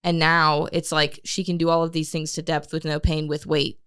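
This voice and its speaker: A woman who is a fitness coach, talking on a podcast in a reflective, measured way with many fillers. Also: deep voice, flat delivery, a bit bright, clean tone. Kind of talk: casual podcast chat.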